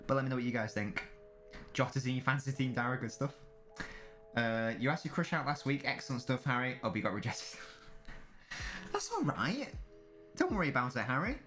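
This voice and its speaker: A man's voice: medium pitch, quick pace, fairly bright tone. Guy on a stream, chatting with chat over the football, music faintly underneath. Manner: casual banter with chat, swearing. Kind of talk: live match watchalong commentary.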